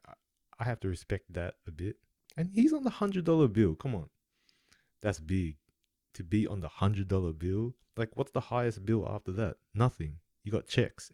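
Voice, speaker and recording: A man's voice: low-pitched, mellow, no room sound. A young man giving a rambling, self-questioning monologue about a quote in a laid-back way. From Australia. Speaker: vlogger. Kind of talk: casual musing monologue.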